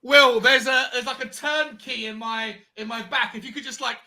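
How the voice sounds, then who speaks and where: A man's voice: very high-pitched, steady tone, normal speed, bright, forceful tone. A man on a live football stream, teasing a guest in jokey, casual banter. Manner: teasing, jokey, laughs often. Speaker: co-host of a football watchalong stream.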